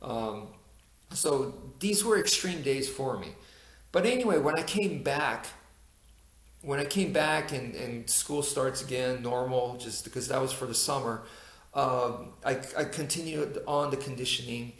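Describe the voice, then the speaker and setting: A man's voice: medium pitch, measured pace, fairly bright tone, echoey room. A man casually telling a personal story to his viewers, rambling with fillers and restarts. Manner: rambling, many fillers and restarts, laughs at himself.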